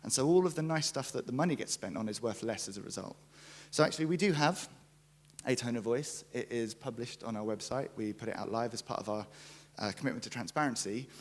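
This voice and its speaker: A young man giving a conference talk, jokey and lively, acting out quotes as he tells stories. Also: mid-range voice, creaky. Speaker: conference speaker, brand writer. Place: conference stage.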